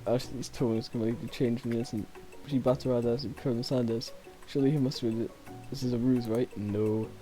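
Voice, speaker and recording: A man's voice: mid-range voice, fairly even intonation, a little fast, warm tone, soft background music. A man streaming a dating game, reading its text aloud with playful, laughing, joking asides.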